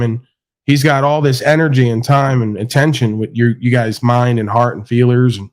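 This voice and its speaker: A man's voice: medium pitch, steady tone, brisk, darkish tone. Man, stream host, boastful, rambling, mocking, casual crude banter.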